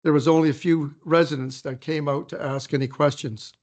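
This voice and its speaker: A man chairing a council meeting in a council chamber, reading his report and calling motions in a measured, procedural way. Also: fairly high pitch, fairly even intonation, a little mellow, highs cut off.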